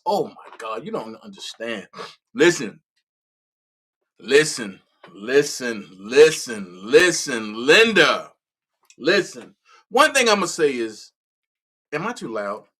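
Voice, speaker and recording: Male streamer, lively pitch swings, bright tense tone, loose stammering commentary. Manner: animated, stammering, repeats words. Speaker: livestream host. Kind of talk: casual live commentary.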